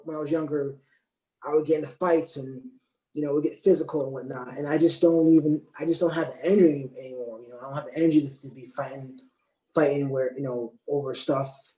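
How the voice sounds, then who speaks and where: A man talking calmly and deliberately in a casual discussion, often repeating words as he works out his point. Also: on the high side. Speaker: panel guest. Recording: echoey room.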